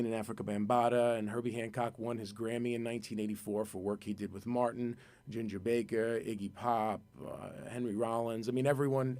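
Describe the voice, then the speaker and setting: Rambling, excitable Brooklyn man. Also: lowish voice. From Brooklyn, New York. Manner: rambling, excitable, repeats words, acts out voices. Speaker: musician guest. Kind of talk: animated storytelling in a radio studio interview. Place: community radio studio.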